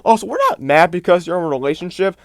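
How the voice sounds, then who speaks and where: A man's voice: high-pitched, lively intonation, quick pace, no room sound, clean studio sound. A man giving a casual, exasperated commentary rant, full of "like" and "bro". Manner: exasperated, fills talk with "like" and "bro". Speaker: YouTube commentator.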